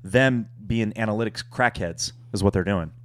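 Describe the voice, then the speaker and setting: A man's voice: on the low side, moderate pace, no room sound, studio quality. A man as a guest on a casual podcast, blunt and opinionated, swearing freely. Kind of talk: casual chat.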